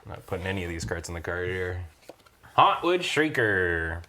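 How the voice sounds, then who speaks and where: A man playing a card game on a stream, laid-back and hesitant, filling pauses with uhs while he works out his plays. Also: low-pitched, monotone, a bit bright.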